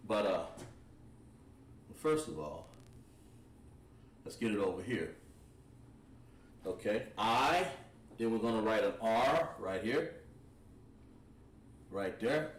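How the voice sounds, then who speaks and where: A man's voice: fairly low pitch, slow pace, long pauses, a little hiss or hum. A man teaching an online language class, explaining step by step as he writes on a board. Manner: relaxed, explains step by step while writing on a board. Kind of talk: online class lesson at a whiteboard. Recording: echoey room, mic at a distance.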